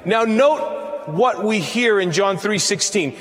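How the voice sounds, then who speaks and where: A man preaching a sermon in a church, slow and emphatic, building at times to near-shouts. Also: high voice, lively intonation. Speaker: priest. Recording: long reverb of a church hall.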